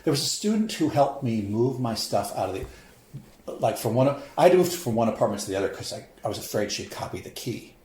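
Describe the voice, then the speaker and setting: Very animated and a little fast, a middle-aged professor from St. Louis, USA, guests on a podcast with a mid-range, darkish voice. He tells an honest, emotional story about himself, acting out quoted voices; the roomy, echoey room carries a little hiss or hum.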